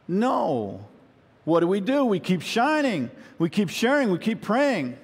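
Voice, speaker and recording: A man's voice: sits high, huge pitch swings, a little slow, breathy edge. Storytelling male pastor in a reverberant hall. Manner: storytelling, guides listeners through an imagined scene; repeats phrases, frequent restarts. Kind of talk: sermon. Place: church hall.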